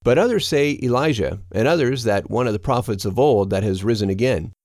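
A man's voice: medium pitch, a little fast, a little mellow, no room sound, studio quality, lightly acted. A man voicing a group of disciples answering plainly and matter-of-factly.

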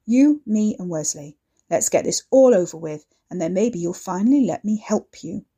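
A woman voicing a menacing, swaggering man who taunts loudly and swears coarsely, in a storybook reading. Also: medium pitch, animated, moderate pace, breathy edge. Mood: grim. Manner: loud, goading, coarse swearing. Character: menacing, swaggering male brute, taunting and volatile.

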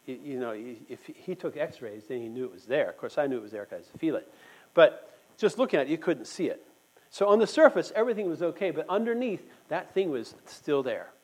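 Earnest man preaching with lively pitch. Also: brisk, low-quality recording. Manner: earnest, asks the audience questions. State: just had a tooth pulled. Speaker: church speaker. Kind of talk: conversational sermon.

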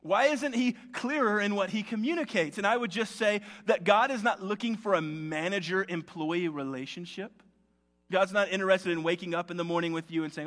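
A pastor preaches to his congregation with a light, high-set man's voice. He is animated and slips into other voices to act out the people he quotes. His words ring out with the long reverb of a church hall. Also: normal speed. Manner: animated, acts out quotes with shifting voice. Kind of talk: sermon.

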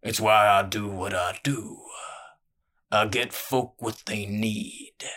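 A man voicing a huge bald crime boss, speaking slowly with genial menace in a rumbling delivery. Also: steady tone, fairly bright tone. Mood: silkily menacing. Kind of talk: audio drama narration.

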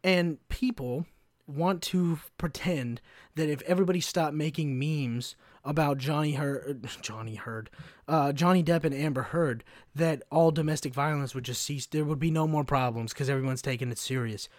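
A man's voice: fairly high pitch, normal speed, dry recording, studio quality. Profane, fired-up male podcast host. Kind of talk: casual solo rant.

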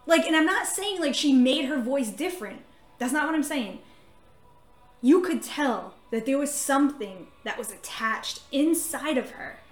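A woman with a fairly high voice tells a story in loose, chatty podcast talk, piling up fillers as she goes. The room around her is echoey and reverberant. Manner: animated storytelling with many fillers. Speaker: podcast co-host. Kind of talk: casual faith-talk podcast chat.

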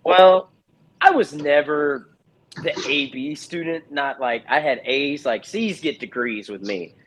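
A man's voice: fairly high pitch, a little slow, fairly bright tone, slight background noise, low-quality recording. A young man from Virginia with a Southern accent, chatting as a guest on a podcast. He talks in a loose, self-deprecating way and laughs easily. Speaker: guest, auctioneer. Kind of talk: casual podcast interview.

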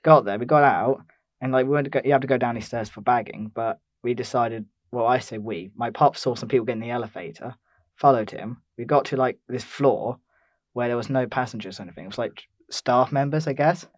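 A man's voice: mid-range voice, brisk, no room sound. A young man from England telling a rambling holiday story in casual chat, with lots of fillers and restarts. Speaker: podcast co-host.

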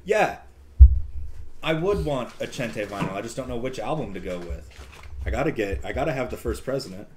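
A joking, animated man co-hosting a casual podcast. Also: mid-range voice, brisk, noisy background. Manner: animated, joking, swears freely. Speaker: podcast co-host. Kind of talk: casual chat.

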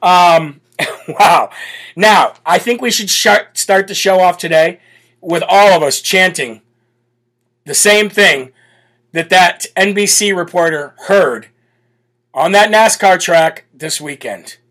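Brash high-voiced American talk show host. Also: male voice, slow. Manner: brash, reads donor messages, leads prayer; laughs and chants loudly. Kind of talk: livestream political talk.

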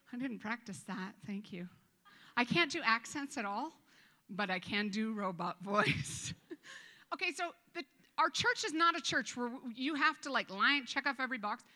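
A woman's voice: a little high, pushed and bright. A woman pastor preaching a sermon in a conversational, joking way, with acted asides.

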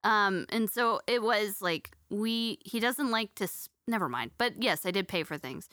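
A woman's voice: medium pitch, expressive, measured pace, bright, forceful tone, dry recording, studio quality. A young woman co-hosting a podcast, telling rambling comic stories with lots of laughing and swearing. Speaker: podcast co-host. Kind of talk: casual chat, comic storytelling.

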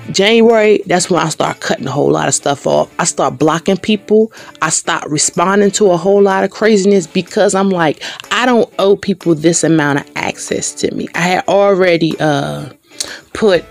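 Woman host, middle-aged, gravelly edge, animated storytelling, faint music bed. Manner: animated, swings to high excited pitch when retelling anger. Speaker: podcast host. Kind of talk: casual storytelling monologue.

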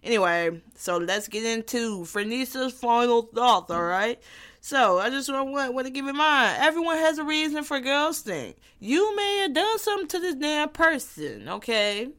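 Brash young woman with a higher voice. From Gary, Indiana. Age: young adult. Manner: brash, profane and animated, quick to tease. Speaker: podcast host. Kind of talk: casual comedic monologue.

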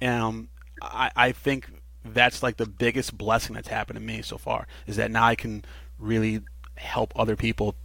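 A man in casual interview talk, telling his recovery story in an earnest, animated way and laughing now and then. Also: lowish voice, moderate pace, vocal fry, no room sound. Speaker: podcast guest.

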